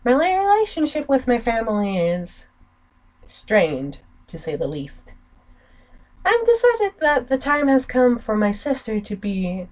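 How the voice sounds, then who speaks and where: A bitter young heir from a murder-mystery game lays out his plans in a measured, ominous tone. An American woman reads him in her own voice. Her pitch swings widely across the lines. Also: darkish tone, rough recording. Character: scheming young nobleman, bitter and cold.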